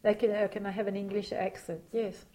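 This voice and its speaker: In a casual, reminiscing interview, a woman with a mellow, mid-range voice speaks fairly quickly in a level tone. She's reflective and hesitant, using many fillers and laughing often.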